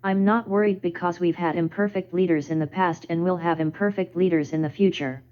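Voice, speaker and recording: Measured woman lawyer, dull archival sound. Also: on the low side, fairly even intonation, darkish tone. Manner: measured, rhetorical, deliberate cadence. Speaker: defense lawyer addressing the Senate. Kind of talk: formal courtroom speech. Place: legislative chamber.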